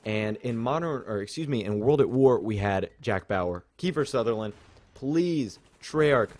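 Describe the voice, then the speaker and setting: A man's voice: medium pitch, animated, unhurried, darkish tone, dry recording. A young man talking casually and rambling over his gameplay footage, sharing thoughts with his channel's viewers. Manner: casual, rambling, chatty with fillers. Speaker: gaming channel host. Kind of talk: gameplay commentary.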